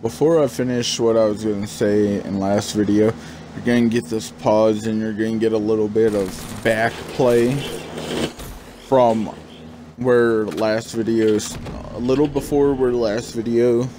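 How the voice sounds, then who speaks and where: A man's voice: on the low side, fairly even intonation, a little slow, background noise. A young man casually telling a rambling personal story over gameplay, acting out his own panicked thoughts and swearing now and then. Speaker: gaming vlogger.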